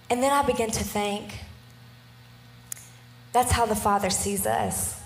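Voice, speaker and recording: A woman in her thirties giving a storytelling sermon, animated and often checking in with her listeners. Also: on the high side, unhurried, long pauses, reverberant, slight background noise. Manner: animated, keeps checking in with the audience. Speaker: preacher.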